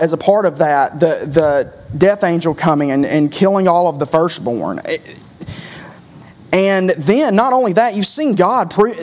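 A preacher giving a conversational sermon, driving points home with rhetorical questions and repeated phrases. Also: medium pitch.

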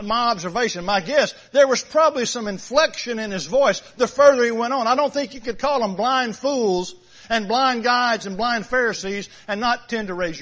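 High-voiced preacher man, lo-fi sound. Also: a bit bright. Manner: emphatic, repeats phrases, stresses key words. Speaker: pastor. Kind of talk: sermon. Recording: dull lo-fi sound.

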